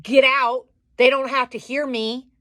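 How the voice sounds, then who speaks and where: A woman's voice: sits high, measured pace, no room sound. A woman vents indignantly in a casual vlog, taking her time over each phrase. Her voice is close and dry, with no room sound around it. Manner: indignant, venting, animated retelling. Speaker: vlogger.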